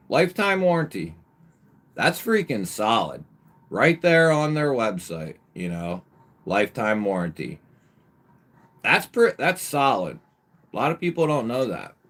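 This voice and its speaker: A man hosting a casual live stream, greeting viewers by nickname with lively bursts of emphasis and the odd swear word. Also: lowish voice. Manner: occasional mild swearing. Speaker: livestream host.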